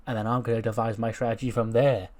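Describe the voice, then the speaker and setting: A man's voice: mid-range voice, flat delivery, quick pace, darkish tone, lightly acted. A serious male wrestler who plans every move, as a man puts him on. He speaks stiffly and formally, lecturing the people around him. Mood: stern.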